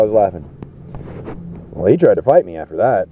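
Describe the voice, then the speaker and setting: A man telling a rambling festival story, animated and swearing, acting out the people he quotes. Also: deep voice, normal speed, long pauses. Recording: tinny phone-like sound.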